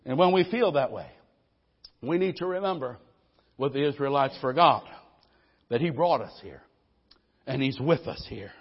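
A man preaching a sermon as pastor, calling for amens from the congregation and swinging from loud declarations to soft, low asides. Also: animated, normal speed, pauses often, breathy edge, dull audio. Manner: preaching with call-and-response amens, voices people's worries.

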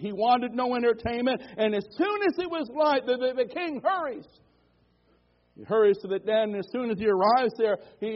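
A male pastor preaching a fervent sermon in a church, calling for amens and building to repeated declarations. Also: high-pitched. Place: church sanctuary. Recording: dull lo-fi church recording.

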